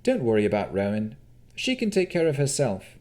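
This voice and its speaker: A man voicing a calm, caring young woman adventurer in an audiobook. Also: mid-range voice, moderate pace, pitched above the performer's own voice. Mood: reassuring. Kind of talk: audiobook character voice.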